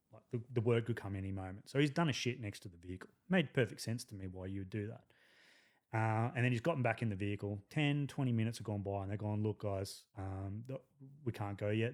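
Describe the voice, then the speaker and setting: An Australian man telling army stories as a podcast guest, swearing freely and breaking into laughter. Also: fairly low pitch. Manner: profane, animated storytelling with laughs. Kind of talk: casual storytelling.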